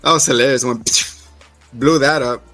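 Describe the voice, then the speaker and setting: A man hosting a casual podcast recap, laughing often and acting out scenes in quick voices. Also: medium pitch, steady tone, fairly bright tone, soft background music. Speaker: podcast host.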